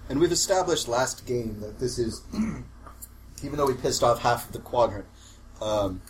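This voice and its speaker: A man's voice: medium pitch, animated, normal speed, a little hiss or hum, rough recording. A man playing in a tabletop game, rambling with fillers and casual swearing. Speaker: player. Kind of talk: casual chat.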